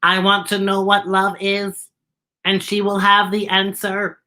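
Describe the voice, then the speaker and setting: A woman's voice: medium pitch, monotone, unhurried, sharp tone. A woman voicing a small, curious robot in a children's story, speaking in a lifted, earnest way.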